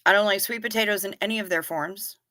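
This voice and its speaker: A woman hosting a casual livestream, chatting and reacting to comments with quick asides. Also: medium pitch, sharp tone, no room sound. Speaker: livestream host reading chat. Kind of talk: casual chat.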